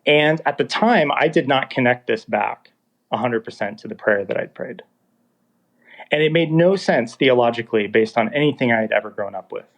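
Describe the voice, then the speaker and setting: A man in his thirties telling his own story in a casual, animated way, acting out the dialogue as he goes. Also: medium pitch, normal speed. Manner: animated, acts out dialogue in quotes. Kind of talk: casual first-person storytelling. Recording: dull lo-fi sound.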